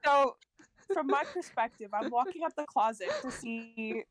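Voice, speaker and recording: A woman's voice: on the high side, animated, normal speed. A woman playing a tabletop game, chatting casually with many fillers. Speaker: player. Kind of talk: tabletop role-play chat.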